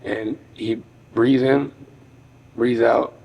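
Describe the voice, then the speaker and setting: A man's voice: medium pitch, steady tone, extremely slow, creaky, darkish tone, breathy edge, low-quality recording. A middle-aged man, a former boxer, telling a personal story on a podcast in an earnest, heartfelt, reflective way.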